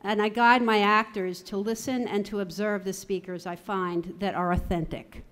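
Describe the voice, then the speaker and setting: A middle-aged woman, a theatre voice and dialect coach, giving a measured, articulate talk at a university conference. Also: medium pitch, steady tone, a bit bright. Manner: measured, articulate presenting with lists.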